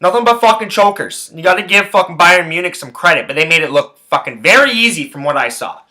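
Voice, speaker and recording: The man hosting this sports podcast rants in anger, cursing heavily and repeating lines for emphasis. His high, expressive voice moves at a quick pace and has a sharp edge.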